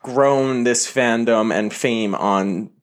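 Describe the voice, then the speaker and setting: A man co-hosting a pop culture podcast, telling stories in a lively, casual way. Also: mid-range voice, takes it slowly, clear, resonant tone. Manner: animated storytelling. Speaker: podcast co-host. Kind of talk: casual chat.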